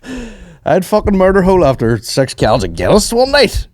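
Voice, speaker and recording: A man's voice: high voice, normal speed, no echo, studio quality. A man hosting a podcast, telling stories in casual chat, swearing often and putting on voices for the people he quotes. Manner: swearing, animated storytelling with mimicked voices. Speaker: podcast host.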